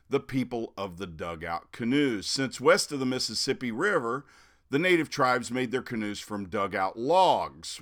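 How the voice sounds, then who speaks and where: A man's voice: on the low side, sharp tone. A middle-aged man from Missouri talks through a history story in a chatty podcast monologue. His voice rises and falls a lot as he goes. He drops in wry asides now and then. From Missouri, United States. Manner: chatty, wry asides, flares up in mock outrage. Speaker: podcast host.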